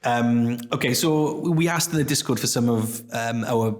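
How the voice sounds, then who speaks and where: A man's voice: medium pitch, moderate pace. A man co-hosting a podcast in casual chat, talking in a chatty way with many fillers and restarts. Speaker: podcast co-host.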